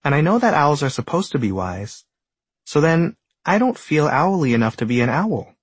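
An anxious, self-doubting owl, played by a man in a storybook voice, raised in pitch and hesitant. Each admission comes out halting and unsure, and the recording is dry and close. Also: big pitch swings, slightly rough, dry recording. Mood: insecure.

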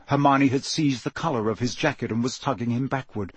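A man narrating an audiobook with a dramatic, expressive reading. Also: mid-range voice, a little fast, breathy edge, dry recording.

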